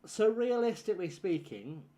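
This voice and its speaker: A man's voice: sits high, big pitch swings, moderate pace, dark tone. A man on a casual live stream, rambling and joking, swearing freely as he plays.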